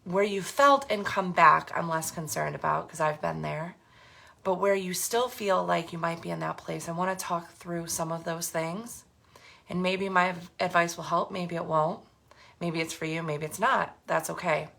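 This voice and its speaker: A woman's voice: on the low side, fairly even intonation, normal speed, creaky, bright, forceful tone. A woman in her thirties telling her own story to camera, earnest and frank, with frequent fillers and restarts. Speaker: direct sales team leader. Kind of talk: candid personal talk to camera.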